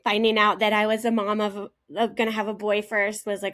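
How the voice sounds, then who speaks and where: A woman's voice: mid-range voice, little pitch movement, normal speed, a bit bright, no room sound, clean studio sound. A middle-aged woman talking earnestly and reflectively about raising three sons on a podcast. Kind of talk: emotional podcast conversation.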